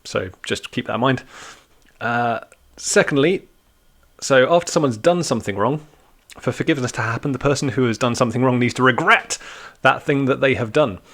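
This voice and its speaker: A man's voice: medium pitch, fairly bright tone. Man giving a chatty youth sermon. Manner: chatty, joking, teacherly. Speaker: youth church speaker. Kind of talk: informal sermon talk for young people.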